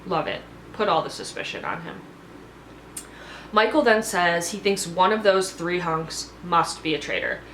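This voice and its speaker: Brief: female reality-show recapper, chatty and expressive, roomy echoey sound. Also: on the low side, measured pace, slight background noise. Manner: chatty and expressive, with many fillers like "like". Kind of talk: casual recap vlog. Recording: roomy echo.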